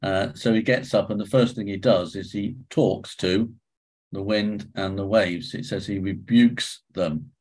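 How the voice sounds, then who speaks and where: A man with a somewhat low voice leads a small Bible study group. He talks in a hesitant, searching way, full of ums and restarts as he draws answers from the group. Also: fairly even intonation, a little slow, a little mellow. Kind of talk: leading a group discussion.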